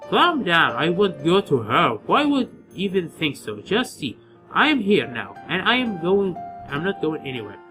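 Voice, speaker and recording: A flustered, awkward young man, read by a man in his own voice, stumbling as he talks. His pitch moves a lot. Faint game music runs behind. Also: wildly swooping pitch, moderate pace. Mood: pleading.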